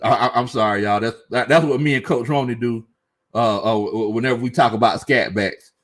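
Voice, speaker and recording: A man's voice: mid-range voice, brisk, a bit bright. A young man hosts a casual sports live stream. He reads chat comments aloud, laughs often and talks in loose, slangy fashion.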